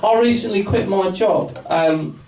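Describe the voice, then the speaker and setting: Recorded from a distance in an echoey pub room, a twenty-something English stand-up rambles through self-deprecating material and trades jokes with the crowd amid laughter and chatter. He speaks a little slowly, with a high-sitting, somewhat mellow voice.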